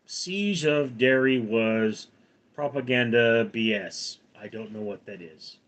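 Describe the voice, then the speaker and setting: Slow-talking guy in his 40s doing a live stream, reading chat comments and rambling back at them. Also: medium pitch, a bit bright. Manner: rambling, reads viewer comments aloud and answers them. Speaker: livestream host.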